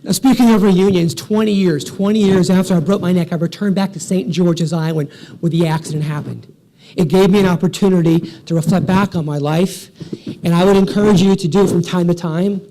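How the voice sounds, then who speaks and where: A man's voice: high voice, steady tone, brisk, mellow, a little hiss or hum. A man in his forties giving a motivational keynote speech, telling stories with energy and a punchy rhythm. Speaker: keynote speaker.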